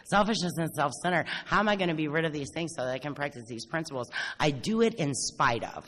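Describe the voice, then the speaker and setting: At a large convention hall, a woman AA speaker gives a blunt, sarcastic, self-mocking recovery talk, swearing freely. Her deep voice is expressive and a bit bright, and she talks fast, in an echoey recording with faint noise.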